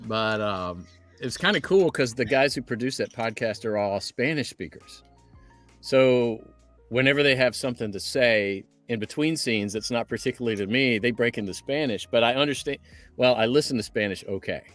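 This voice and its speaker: A man talks easily and chattily, picking up fan comments and riffing on them. His voice sits at a middle pitch. The sound is dry and close, with faint music under it. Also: moderate pace, a bit bright, no room sound. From United States. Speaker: voice actor at a live signing stream. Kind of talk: casual chat.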